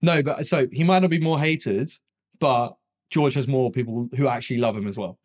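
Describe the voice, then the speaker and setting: A man co-hosting a podcast, chatting casually, laughing often and agreeing quickly. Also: medium pitch, a little mellow. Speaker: podcast co-host. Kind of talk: casual chat.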